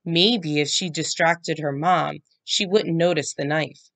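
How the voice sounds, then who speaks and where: A woman reading a children's chapter book aloud, with slow, expressive storytelling. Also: fairly low pitch, creaky. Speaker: guest reader.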